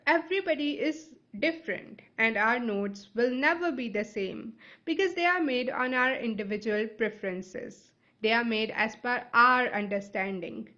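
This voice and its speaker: A woman's voice: fairly high pitch, a bit bright. Woman teacher, English not her first language, patient step-by-step explainer who keeps checking in with listeners; slightly muffled audio. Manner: explanatory, checks in with frequent "right?" and "okay?". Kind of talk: instructional video lesson.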